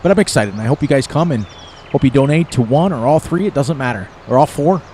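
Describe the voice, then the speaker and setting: Animated, fast and somewhat dark in tone, this eastern US man in his sixties streams a farming game with loose, meandering commentary. He sits at a medium pitch, chuckles at his own humor, and soft outdoor sounds hum behind him.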